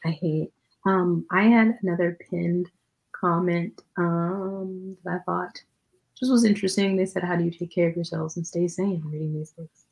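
A woman's voice: fairly low pitch, steady tone, moderate pace, gravelly, darkish tone, rough recording. A woman hosting a casual online book club, speaking candidly, wandering through her thoughts and laughing at herself. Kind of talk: casual video call book discussion.

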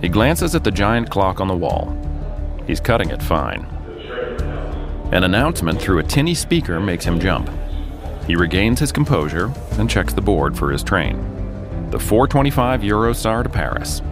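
A man's voice: sits low, big pitch swings, moderate pace. An American man hosting a podcast, narrating a true story dramatically with jokey asides. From United States. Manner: dramatic storytelling, jokey banter between scenes. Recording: voice over a music bed.

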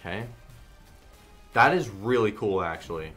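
A man commenting casually on a slot game stream, swearing a lot and swinging between flat muttering and loud outbursts. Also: fairly low pitch, unhurried, soft background music.

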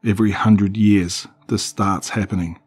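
A man's voice: on the low side, steady tone, unhurried, darkish tone, slightly rough. A man voicing a grim middle-aged father who speaks with urgent, fatalistic weight.

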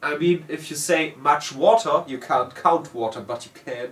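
A German man with a German accent, casually reading out viewer comments in halting, self-correcting English. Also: fairly high pitch, fairly bright tone. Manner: halting, self-correcting, laughs at own words. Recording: roomy sound from a distant mic.

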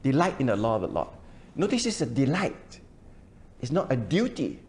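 A man's voice: mid-range voice, sing-song, fairly quick, darkish tone. An older man preaching a sermon. He often hesitates with "uh" and repeats words while explaining scripture line by line. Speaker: pastor. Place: church.

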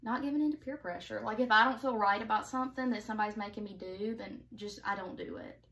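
A young woman with a bright, crisp tone, recorded from a little way off the mic. She chats freely, agrees eagerly, and fills her sentences with "like". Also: mid-range voice, fast, far from the mic. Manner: chatty, eager agreeing, lots of "like". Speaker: co-host. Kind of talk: casual chat.

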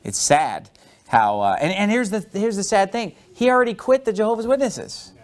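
A man's voice: high voice, animated, moderate pace. A man pastor preaching a sermon, explaining scripture verse by verse and acting out angry teeth-gritting to make his points.

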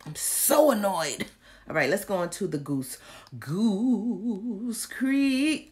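A woman's voice: mid-range voice, lively intonation, takes it slowly, a little mellow. A woman vlogging casually to her viewers, chatty and exasperated, full of slang and muttered asides. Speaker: candle vlogger. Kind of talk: casual live chat to viewers.

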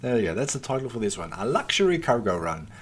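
A man hosts a let's play with very animated, fast, husky delivery in a mid-range voice. His casual gameplay commentary calls viewers "folks," swears freely, and mutters at the game as he plays.

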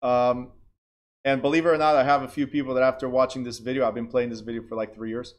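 A man's voice: mid-range voice, little pitch movement, fast talker. A man teaching a real estate class in a plain, direct way, often checking that students understand.

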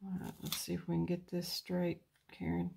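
A woman's voice: fairly low pitch, monotone, moderate pace, vocal fry, a little mellow, slight background noise. A woman hosting a plan-with-me video, chatting casually to herself and her viewers as she decorates a planner page. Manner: chatty, talks to herself while crafting. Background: birds chirping outside.

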